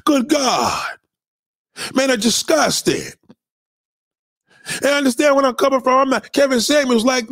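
Guy ranting on his stream, high voice jumping all over, super dry close sound. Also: a little slow, long pauses, no room sound. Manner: loud, profane, animated ranting with mocking put-on quotes. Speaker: livestream host. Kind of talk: ranting livestream commentary.

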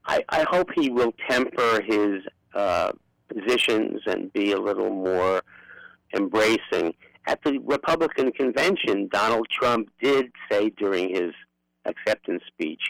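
With a lowish, somewhat bright voice and some vocal fry, an older political activist from Brooklyn, New York speaks at a measured pace in a radio interview. His Brooklyn accent carries his outspoken, impassioned views. The recording has no echo but is rough.

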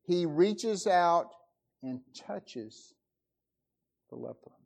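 A male pastor preaching a sermon, dramatic, his voice rising to cries and dropping to a hush. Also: sits high, animated, drawn-out words, creaky.

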